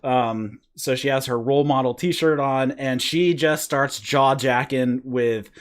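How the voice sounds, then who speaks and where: A man's voice: medium pitch, fairly even intonation, unhurried. A man hosting a podcast, casually recapping a wrestling show in a rambling, play-by-play way. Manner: rambling play-by-play retelling with fillers. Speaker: podcast host.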